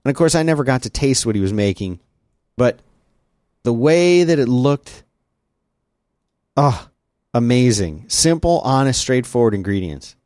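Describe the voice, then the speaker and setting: Lively rambling man hosting a podcast. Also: medium pitch, a little slow, long pauses, no echo, studio quality. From lives in Central Texas. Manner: rambling and lively, with many restarts. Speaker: podcast host. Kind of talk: casual chat.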